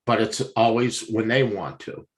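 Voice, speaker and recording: A man's voice: fairly low pitch, steady tone, normal speed. A man as a guest in casual chat, rambling and now and then teasing.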